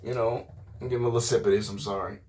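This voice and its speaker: A man's voice: on the low side, steady tone, rapid-fire, a little mellow. A man preaching an informal video sermon. He talks in a rowdy, emphatic way, often repeating "man" and "I promise you".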